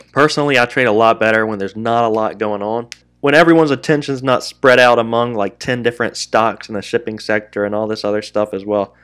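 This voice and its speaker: Talking fast during a live day-trading session on his channel, a man addresses his audience as guys and traders. He berates himself out loud whenever a trade turns bad, speaking in a mid-range voice.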